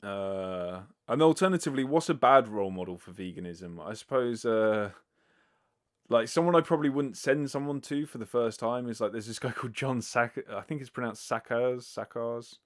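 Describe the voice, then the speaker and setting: A British man hosts a casual solo podcast, answering listener questions in a rambling, filler-heavy style with casual swearing. His medium-pitched voice is lively and moderately paced, close to a sensitive mic.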